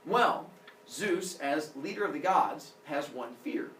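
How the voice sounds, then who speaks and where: Playful teacher storytelling, far off in a classroom. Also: male voice, a little high, expressive, slow, a bit bright, roomy sound, slight background noise. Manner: playful, full of sound effects. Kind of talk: animated myth storytelling to a class.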